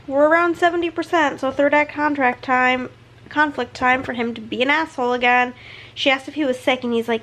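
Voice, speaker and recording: A woman with a slightly high voice talks through her reading in a casual vlog. She is chatty and excitable, reacting to each twist as it comes. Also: moderate pace. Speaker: book vlogger.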